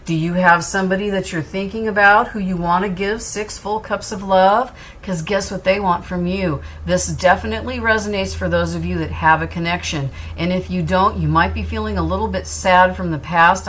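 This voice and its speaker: A woman's voice: fairly low pitch, moderate pace, few pauses, fairly bright tone, a little hiss or hum. A woman giving a tarot reading to camera in an earnest, reassuring way, repeating phrases for emphasis. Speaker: tarot reader.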